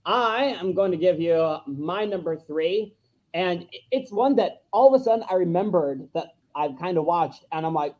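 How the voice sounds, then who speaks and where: Animated young man hosting a podcast. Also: high voice, moderate pace, poor audio. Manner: animated, laughs easily, acts out quotes. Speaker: podcast host. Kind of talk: casual chat.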